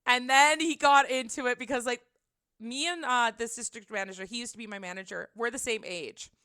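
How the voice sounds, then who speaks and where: A woman's voice: a little high, a little fast, sharp tone, no echo, studio quality. A young woman livestreaming, casually telling a rambling personal story full of filler words. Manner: chatty, rambling, lots of "like" fillers.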